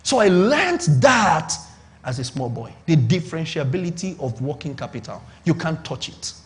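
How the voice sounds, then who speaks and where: A man's voice: on the high side, sing-song, moderate pace. A middle-aged Nigerian man preaching a sermon on business, emphatic and repetitive, checking in with his audience. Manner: emphatic, repeats points and asks the audience to confirm. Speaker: pastor.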